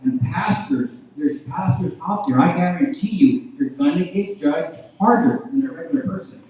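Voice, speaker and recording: A man preaching a revival sermon as a guest preacher, telling his testimony and often calling out "ladies and gentlemen", his loudness rising and falling. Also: sits high, sing-song, moderate pace. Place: church hall. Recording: echoey hall, distant dull mic.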